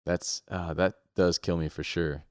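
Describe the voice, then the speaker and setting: A young man with a very deep voice co-hosts a podcast, chatting casually and swearing freely. He sounds loose and laughs at himself. The sound is close and dry. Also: level tone, unhurried, darkish tone, no room sound. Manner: loose, profane, self-mocking. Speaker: podcast co-host. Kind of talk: casual chat.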